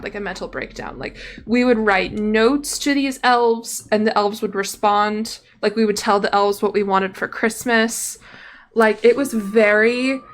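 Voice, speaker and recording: A young woman talks casually on a live stream, her voice sitting slightly high. She rambles, piles on fillers and restarts her sentences as she goes. Faint music plays quietly underneath. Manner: rambling, chatty, lots of fillers and self-corrections.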